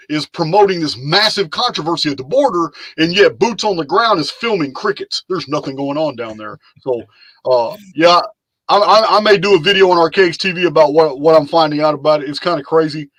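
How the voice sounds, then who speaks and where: A man's voice: on the high side, expressive, fairly quick, a bit bright, no echo. A man hosting a casual live chat, loose and rambling, often repeating himself as he talks. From lives in Texas. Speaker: live stream host.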